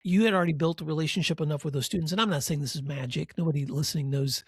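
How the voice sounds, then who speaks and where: A man's voice: fairly high pitch, very fast, creaky, husky, no room sound. A man hosting a podcast, asking questions in a reflective way and summing up what his guest says. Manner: reflective, affirming, sums up the guest's points. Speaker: podcast host. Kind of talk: interview host questions.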